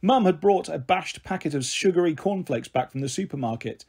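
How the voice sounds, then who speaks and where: A man reads a children's novel aloud in a husky, slightly raspy voice pitched a little high. He is expressive and changes his voice for each figure in the story. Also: a little fast. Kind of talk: audiobook reading of a children's novel.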